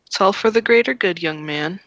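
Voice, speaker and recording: The game master of a streamed tabletop game voicing a scheming, cold male lab director who speaks in a measured, faltering way. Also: medium pitch, lo-fi sound, very noisy, natural voice. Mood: smug. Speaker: villain voiced by game master. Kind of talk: voiced role-play in a live-streamed tabletop game.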